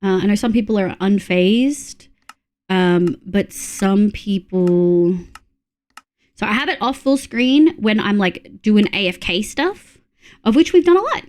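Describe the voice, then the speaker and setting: A woman's voice: mid-range voice, lively intonation, unhurried, darkish tone. An Australian woman chatting on a live stream, giggly and talkative as she reads her chat aloud.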